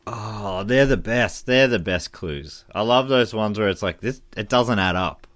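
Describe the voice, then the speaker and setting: A man's voice: lowish voice, unhurried. A man co-hosting a casual chat, reacting eagerly and thinking aloud. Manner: animated, enthusiastic reactions. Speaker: podcast co-host.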